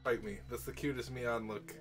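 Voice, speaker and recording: A man's voice: mid-range voice, fairly even intonation, moderate pace. A man reading a visual novel aloud and breaking into exasperated, swearing outbursts, with faint game music behind. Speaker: let's play host.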